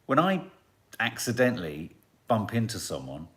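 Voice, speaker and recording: Chatty middle-aged man, lively voice. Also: lowish voice, moderate pace. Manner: chatty, musing, reads out viewer comments. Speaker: host reading live chat comments. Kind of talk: casual live-stream chat.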